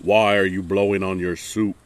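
A gruff old-world satyr, the bearded, horned head of his family, speaks bluntly and sternly in a storybook tale, as a man reads him. His voice sits deep and low. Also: level tone, moderate pace, lightly acted. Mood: gruff, curious. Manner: stern and blunt, growing indignant.

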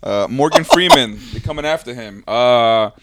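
A man's voice: mid-range voice, expressive, normal speed, over a noisy crowd. A man co-hosting a casual podcast from a couch, loose and joking, swearing and laughing often. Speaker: podcast co-host. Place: living room couch.

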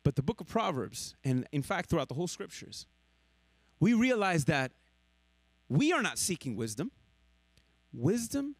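A man delivering a sermon with a high voice that leaps all over its range. He moves between loud emphatic lines and hushed, slow ones. The sound is dry and close, with no room echo. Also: very animated. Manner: dynamic preaching, swinging between loud emphasis and hushed lows. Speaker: pastor.

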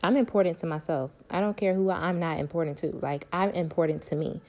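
Young woman, casual vlog talk, kinda low and mellow, real blunt and emphatic. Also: quick pace. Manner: candid, emphatic, repeats herself for stress. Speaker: vlogger. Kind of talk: casual talk to camera about her love life.

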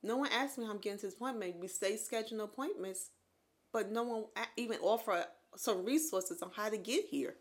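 A woman in her thirties co-hosting a podcast, telling her own story in casual chat, animated and laughing often. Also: medium pitch, fairly quick. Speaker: podcast co-host.

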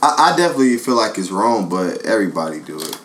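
A man's voice: lowish voice, big pitch swings, fast, fairly bright tone, a little hiss or hum. A man from the Atlanta area, co-hosting a casual podcast chat in an easygoing, agreeable way. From Atlanta area, USA. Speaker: podcast co-host.

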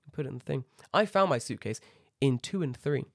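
A man telling an animated, heavily sworn rant about an airport in a casual chat, acting out the people he met. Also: medium pitch, fairly quick, creaky, no room sound, clean studio sound. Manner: animated ranting, swears a lot, acts out people.

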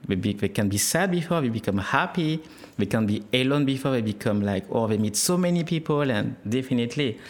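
A man from France with a French accent, a guest in a casual interview, speaking English haltingly as he searches for words. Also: mid-range voice, animated. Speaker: guest, dance instructor.

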